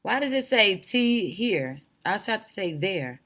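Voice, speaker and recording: Bright, sharp-voiced woman ranting on a livestream. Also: medium pitch, sing-song, measured pace. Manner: rambling, tangent-prone, blunt; talks to her chat viewers directly. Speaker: livestream host. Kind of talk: casual livestream commentary.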